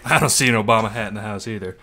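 A man's voice: lowish voice, rapid-fire, gravelly, sharp tone, slight background noise. A man streaming a game over a headset, chatting casually, joking and swearing freely. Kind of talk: casual gaming chat.

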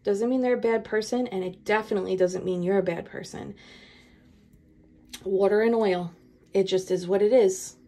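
A woman's voice: mid-range voice, moderate pace, pauses often. Chatty woman giving a tarot reading. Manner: animated, chatty, laughs often, talks straight to viewers. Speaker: tarot reader.

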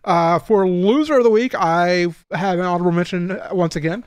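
A quick-talking young man sitting in as a guest, trash-talking his league mates. His voice is a bit higher than most men's, and the sound is close and dry. He moves briskly from one pick to the next. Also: clean tone, no room sound. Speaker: guest co-host. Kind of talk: casual fantasy football chat.

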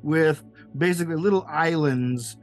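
A man's voice: a little high, moderate pace, soft background music. A man narrating a tabletop game as game master, loose and rambling, laughing often.

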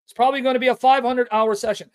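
A man hosting a Christian apologetics livestream, combative and taunting, calling out an opponent and stressing phrases slowly. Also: very high-pitched, steady tone, clean tone. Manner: emphatic, with drawn-out stressed phrases.

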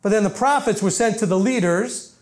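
A man's voice: high voice, a little fast. A man teaching a congregation of about a hundred and fifty people through a microphone, in a loose, conversational sermon with frequent self-corrections. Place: meeting room with about 150 people.

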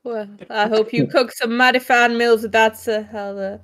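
A woman's voice: on the high side, steady tone, moderate pace, fairly bright tone, no echo, clean studio sound, close to an everyday voice. A woman voicing a polite, folksy adventurer who keeps calling people sir. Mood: friendly.

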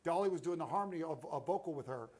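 A man hosting a talk show, enthusiastic and halting with many restarts. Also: fairly high pitch, lively intonation, a little mellow. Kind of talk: casual chat.

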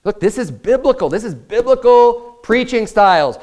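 A man delivering a sermon from a church pulpit, his voice pitched a little high and notably smooth and resonant. He reads scripture in an even, deliberate cadence, then rises into loud, fervent preaching. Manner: fervent preaching that swells into raised, emphatic passages. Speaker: pastor. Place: church sanctuary.

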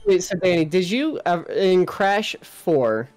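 A man's voice: sits high, lively intonation, unhurried, a little mellow, soft background music. A man chatting casually as a co-op streaming partner, teasing and friendly. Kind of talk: casual gameplay chat.

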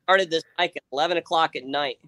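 A man's voice: on the high side, fast, dry recording. Rambling man telling a wild story. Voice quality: rambling, many fillers and restarts. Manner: animated, acts out friends' lines. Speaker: livestream guest telling a story. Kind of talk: casual storytelling.

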